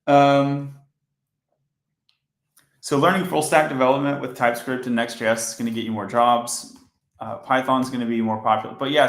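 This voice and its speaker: A man teaching coding on a casual live stream, talking in a sleepy monotone. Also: medium pitch, creaky, echoey room.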